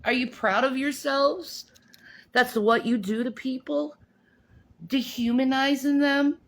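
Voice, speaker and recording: A woman's voice: high-pitched, steady tone, slow pace. A middle-aged woman ranting on a livestream, swearing and confrontational, often repeating words and restarting her sentences. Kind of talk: livestream rant.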